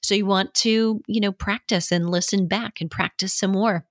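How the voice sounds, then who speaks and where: A woman's voice: medium pitch, steady tone, normal speed, dry recording. A middle-aged woman hosting a podcast, giving upbeat coaching advice from a home studio. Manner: upbeat, coaching, demonstrates warm-ups. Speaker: podcast host and fitness educator. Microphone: studio mic.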